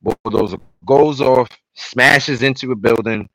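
A man co-hosting a casual podcast, retelling TV episode scenes in an animated way and acting out the lines. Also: medium pitch, a little slow, dry recording, rough recording. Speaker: podcast co-host. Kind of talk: casual recap chat.

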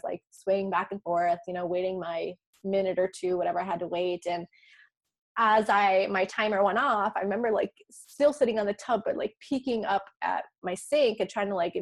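A woman recounts a personal story as an interview guest. She talks casually and animatedly, acting out her own past conversations and often breaking into a light laugh. Her voice sits in a middle register. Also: mid-range voice. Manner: frequent light laughs and restarts.

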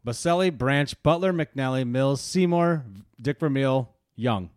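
A man co-hosting a casual podcast over beers, animated and laughing often, swearing freely. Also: medium pitch, unhurried, dry recording, studio quality. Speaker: podcast co-host.

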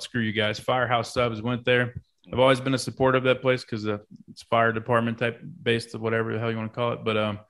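A man telling a story in casual podcast chat, animated and profane. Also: mid-range voice.

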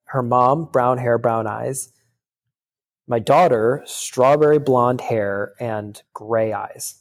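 Man, 30s, podcast guest, heartfelt, filler-heavy, quick. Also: medium pitch. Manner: rapid, filler-heavy speech full of "like"; emotional, heartfelt storytelling. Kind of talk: casual storytelling.

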